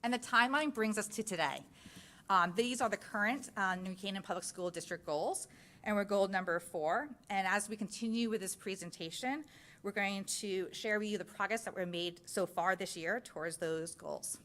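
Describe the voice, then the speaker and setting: A woman's voice: mid-range voice, moderate pace, a bit bright. A woman presenting a science curriculum at a school board meeting, walking through slides step by step in an explanatory way. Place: public meeting room.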